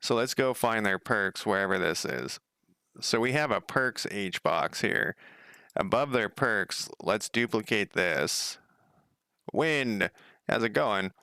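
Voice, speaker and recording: On a casual livestream, a man codes a game while thinking aloud, rambling, swearing casually and chatting with viewers. His fairly low voice is animated and slow, with a sharp, clean tone in a dry, studio-quality recording.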